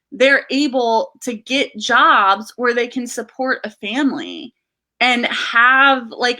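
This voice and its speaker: A woman's voice: fairly high pitch, pushed and bright. A woman from Southern Virginia co-hosting a political talk show, telling personal stories in an earnest, conversational way. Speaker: co-host. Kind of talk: casual political chat.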